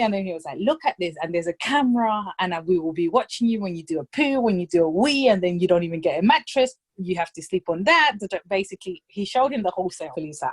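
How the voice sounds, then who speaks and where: Animated woman telling a story, phrases. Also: medium pitch. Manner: animated storytelling, acts out voices, code-switches to Spanish. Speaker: podcast guest. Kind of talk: casual storytelling chat.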